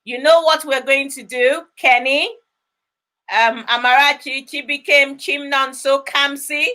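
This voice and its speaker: High, bright-voiced woman reading to kids. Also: fairly even intonation, unhurried. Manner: encouraging, coaxing answers from kids. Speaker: host of an online children's read-along. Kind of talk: live storytime chat with child viewers.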